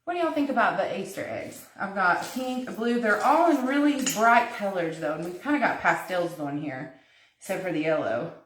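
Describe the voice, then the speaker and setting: Recorded in an echoey kitchen with a distant mic, a craft tutorial host chats and giggles with viewers during a live demo, thinking aloud as she works. She speaks at a medium pitch and moderate pace with lively intonation.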